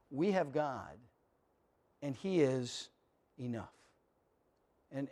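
A male pastor preaching a sermon in an earnest, emphatic way, often repeating his first words as he restarts a phrase. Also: fairly high pitch.

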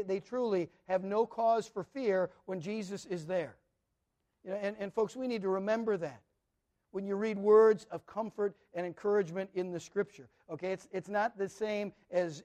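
A man preaching a sermon, moving between hushed, drawn-out lines and louder emphatic ones. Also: high voice. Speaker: pastor.

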